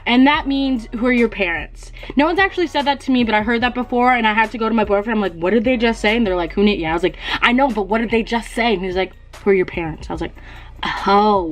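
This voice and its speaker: Chatty young woman, fairly high voice. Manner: chatty, laughs at herself, swears casually. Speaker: beauty vlogger. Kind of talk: casual DIY tutorial chat.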